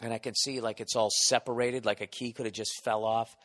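A man hosting a podcast, telling a profane comic story in an animated, mock-ranting way. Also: mid-range voice, brisk, big-room sound. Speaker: podcast host.

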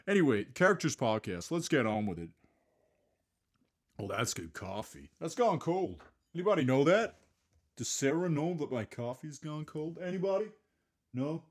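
A man's voice: on the high side, very animated, normal speed. A man hosting a comedy podcast, rambling and scatterbrained, with frequent self-mocking asides. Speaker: host. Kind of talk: improvised comedy monologue.

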